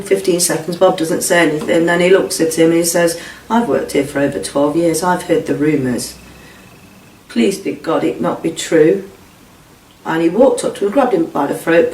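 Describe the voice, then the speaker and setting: Man, middle-aged, interviewee, blunt and sweary, halting, roomy echo, distant mic. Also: fairly high pitch, darkish tone, a little hiss or hum. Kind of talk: personal testimony.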